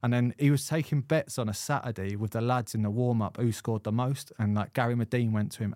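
Podcast host, matey banter. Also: male voice, medium pitch, steady tone, brisk, hardly any pauses, a little mellow, no room sound, clean studio sound. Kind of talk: casual podcast chat.

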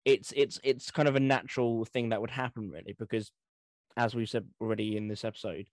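A man co-hosting a history podcast, telling anecdotes in a relaxed, filler-laden way. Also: mid-range voice, brisk, dry recording. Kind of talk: casual conversation.

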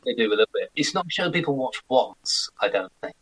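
A man in his forties, an actor chatting as an interview guest in an animated way. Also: medium pitch, quick pace, husky, low-quality recording. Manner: chatty, animated, slips into mock accents. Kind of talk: casual interview chat.

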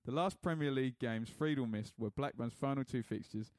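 A man's voice: mid-range voice, brisk, darkish tone, no room sound. A man co-hosting a podcast in casual chat, jokey and laughing often as he reads out listener messages. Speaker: podcast co-host.

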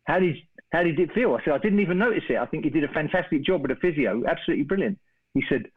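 A middle-aged English man spins a long, animated anecdote and slips into the voices of the people in his story. His voice comes through a narrow, tinny phone line. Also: on the high side, very fast, breathy edge. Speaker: guest storyteller. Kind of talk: casual anecdote on a phone call.

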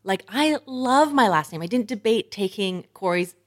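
A woman co-hosting an advice podcast, animated and frank, laughing often and swearing casually. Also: mid-range voice, normal speed. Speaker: podcast co-host.

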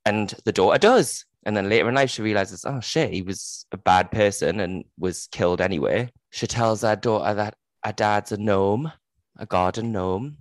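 Deep-voiced man, dry close sound. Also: normal speed, no room sound. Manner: animated, swears freely, acts out quotes. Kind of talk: casual book chat.

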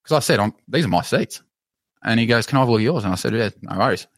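A man with an Australian accent telling a story on a podcast in a casual, animated way, swearing and laughing as he goes. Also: lowish voice, fast, gravelly, no echo. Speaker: podcast co-host.

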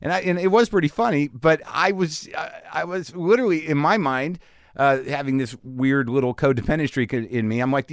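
A man hosting a podcast, telling a story in a casual, animated way and acting out the people in it. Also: a little high, fairly quick, dry recording, clean studio sound. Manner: animated, acts out the people in his stories. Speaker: podcast host. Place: home garage studio.

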